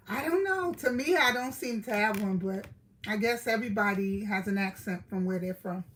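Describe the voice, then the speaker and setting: A woman's voice: medium pitch, fairly even intonation, normal speed, a bit bright, slight background noise, low-quality recording. A middle-aged woman from Brooklyn with a New York accent, chatting casually with live-stream viewers, greeting them by name and laughing often.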